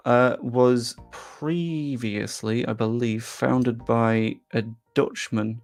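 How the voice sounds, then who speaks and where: A young man with a faint Yorkshire accent chats loosely on a live stream, reading viewer comments aloud and poking fun at himself. His voice has a gravelly edge, sits at a middle pitch, and has faint music running underneath. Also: slow pace. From England. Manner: chatty, self-deprecating, reads comments aloud. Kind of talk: casual live-stream chat.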